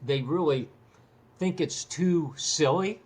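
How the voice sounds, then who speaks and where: Older male guest, husky, animated storyteller who repeats his words. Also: a little high, slow pace. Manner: animated, repeats words while telling stories. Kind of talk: casual storytelling interview.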